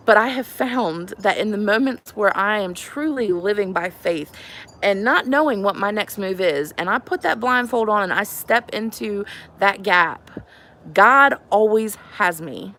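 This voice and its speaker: A woman in her thirties hosts a heartfelt faith live stream from her porch at home, her mid-range voice pushed and bright with lively intonation and a measured pace. Answering viewers, she speaks earnestly and rambles a bit, leaning on "like" and "you know."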